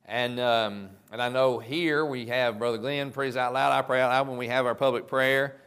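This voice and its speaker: A man's voice: mid-range voice, fairly even intonation, normal speed, fairly bright tone, clean tone. A man, a pastor, preaching a sermon in a conversational way, stopping and restarting as he goes and reading scripture aloud.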